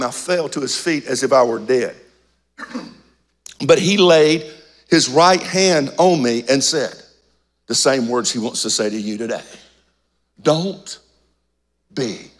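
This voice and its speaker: A pastor preaches a sermon slowly and emphatically in a fairly high, fairly bright voice. He uses dramatic pauses and lets some lines drop almost to a whisper.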